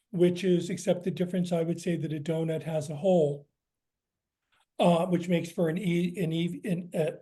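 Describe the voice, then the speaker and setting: A man's voice: high voice, warm tone. An American man, a cookbook author, answering audience questions in a chatty, explanatory way with frequent fillers. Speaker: guest speaker, cookbook author. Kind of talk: lecture Q&A.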